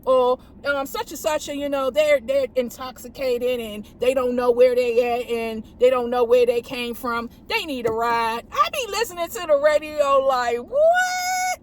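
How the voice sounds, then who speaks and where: A woman's voice: high voice, moderate pace, few pauses, noisy background. A woman police officer telling work stories in casual chat, acting out radio calls in a raised voice. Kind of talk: casual storytelling.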